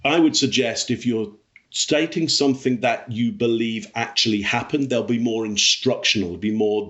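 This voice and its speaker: A mid-pitched male expert whose audio sounds dull and slightly muffled. He teaches by demonstration, acting out rising and falling inflections as he explains. His delivery is animated and hands-on. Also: moderate pace. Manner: demonstrative, acts out vocal inflections. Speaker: body language expert panelist. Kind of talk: panel discussion.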